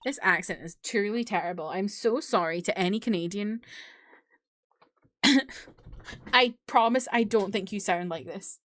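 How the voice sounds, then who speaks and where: A woman's voice: medium pitch, a little slow, pauses often, a bit bright, no echo. A woman streamer giving casual, playful commentary with self-mocking asides while playing a game. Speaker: gaming streamer. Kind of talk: casual let's-play commentary.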